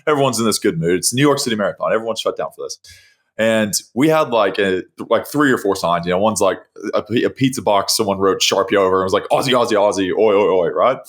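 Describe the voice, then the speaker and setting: A man hosting a podcast, telling a story in an animated, casual way and laughing often. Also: fairly low pitch, fast. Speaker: podcast host. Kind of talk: casual chat.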